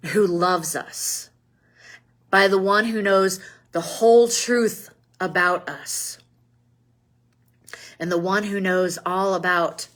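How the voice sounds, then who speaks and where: A woman's voice: medium pitch, a bit bright, low-quality recording. A woman pastor giving a Lenten Bible study lesson, telling a story with dramatic emphasis.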